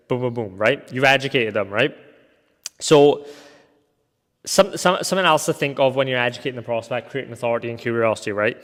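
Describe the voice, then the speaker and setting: A young man from Wales teaching a recorded course lecture in a casual way, often tagging points with a quick question and filling pauses as he thinks. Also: mid-range voice, fairly bright tone. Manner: casual, ends points with a tag question, thinks aloud with fillers. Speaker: agency coach. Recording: long hall reverb.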